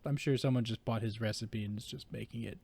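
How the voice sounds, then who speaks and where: A man's voice: lowish voice, steady tone, quick pace, creaky, darkish tone, breathy edge. A man co-hosting a podcast in casual chat, joking, laughing often and rambling with fillers. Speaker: podcast co-host.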